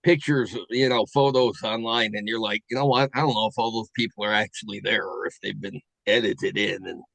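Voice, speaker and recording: A middle-aged man hosting a relaxed podcast chat, musing aloud and restarting his sentences as he goes. His voice sounds dry and close to the mic, with no room around it. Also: lowish voice, creaky, dry recording, rough recording. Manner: musing, halting, with many fillers and restarts. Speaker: podcast host. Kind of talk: casual chat.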